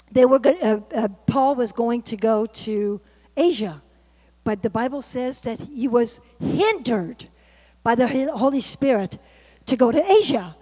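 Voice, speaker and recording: A high-voiced middle-aged woman preaching a sermon. She swings between loud, fervent exclamations and hushed, low musing, sounding distant from the mic at moments. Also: slightly rough. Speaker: guest preacher.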